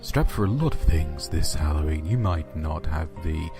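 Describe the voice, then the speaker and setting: A man's voice: a bass voice, animated, normal speed. A man narrating horror stories and chatting casually, with a dry, offhand delivery and some swearing. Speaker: narrator and channel host. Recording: music playing underneath.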